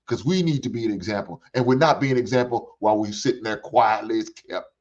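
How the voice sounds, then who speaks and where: Talking fast in a lowish, darkish voice, an older man hosts a reaction show full of blunt ranting commentary. Profanity is constant, and he preaches with repeated phrases. The sound quality is dull and lo-fi.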